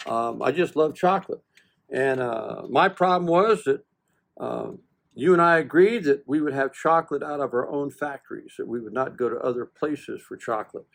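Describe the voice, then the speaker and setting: A man's voice: medium pitch, normal speed, gravelly. A man in his seventies, a veteran guest, telling a long personal story in a casual interview and acting out both sides of the conversation with self-deprecating humor. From United States. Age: 70s. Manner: animated, folksy, acts out both sides of conversations.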